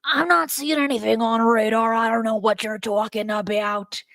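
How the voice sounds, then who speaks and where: A woman's voice: on the high side, fairly even intonation, normal speed, creaky, a bit bright, no echo, clean studio sound. A woman putting on a made-up accent to play a dismissive radar operator who brushes off questions.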